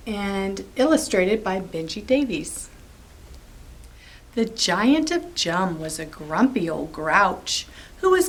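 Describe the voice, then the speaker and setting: Slow, sing-song storytime woman. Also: medium pitch, rough recording. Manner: expressive, sing-song read-aloud. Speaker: children's librarian storyteller. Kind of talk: reading a picture book aloud to preschoolers.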